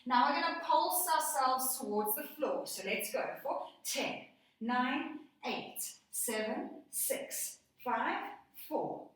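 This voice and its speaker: Her voice is high and a bit bright, with lively intonation and a slow pace, as this woman instructor leads a workout. She encourages, counts off reps, and prompts breaths while slightly winded. The room echoes, and she sounds distant from the mic.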